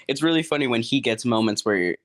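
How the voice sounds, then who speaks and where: A man's voice: mid-range voice, animated, fairly quick, fairly bright tone. A man chatting as an interview guest, playful and laughing often. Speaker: interview guest, game cast member. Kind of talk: casual video interview.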